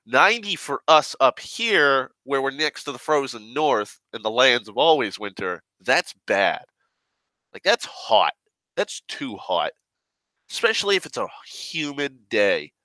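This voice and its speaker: A man's voice: mid-range voice, big pitch swings, a little slow, sharp tone, no room sound. A sick young man who coughs now and then, rambling in a profane, grumbling, sarcastic rant. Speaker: online rambler.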